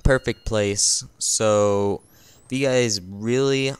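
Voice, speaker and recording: A tired man talking over his gameplay in a loose, rambling way, tripping over his words and reaching for ums. His voice sits on the low side and comes through smooth and clean. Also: steady tone, takes it slowly, no room sound. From United States. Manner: rambling, full of ums and restarts. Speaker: gaming channel host. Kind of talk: casual gameplay voice-over commentary.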